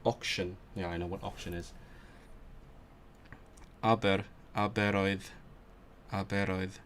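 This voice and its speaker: Slow, low-voiced man drilling vocabulary. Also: steady tone, fairly bright tone, a little hiss or hum. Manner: repeats words slowly, muttering to himself as he drills vocabulary; self-talk with restarts, low-key. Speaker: language learner streamer. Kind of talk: study stream, thinking aloud.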